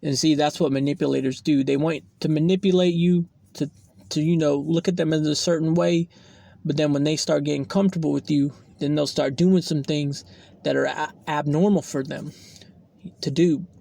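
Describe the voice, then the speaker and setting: A young man with a gravelly, slightly high voice rambles through a story on his podcast. He swears often and keeps trailing off into fillers. The sound is close and dry. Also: fairly even intonation, moderate pace, dark tone, dry recording. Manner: rambling, profane, lots of fillers and "blah, blah". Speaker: podcast host. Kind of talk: casual storytelling monologue.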